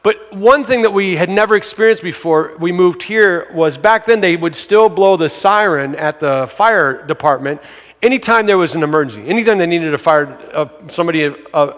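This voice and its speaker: A male pastor preaching a sermon, telling a story with animated, acted-out voices and sudden shouts. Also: fairly high pitch, a little fast. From grew up in a city. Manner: animated, acts out quoted voices, shouts for emphasis. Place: church sanctuary. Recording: long hall reverb.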